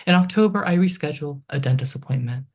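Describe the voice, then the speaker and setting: A poet in their thirties reading their own poems in a halting, list-like rhythm, with chatty asides full of ums between poems. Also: mid-range voice, expressive, a little mellow. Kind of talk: poetry reading.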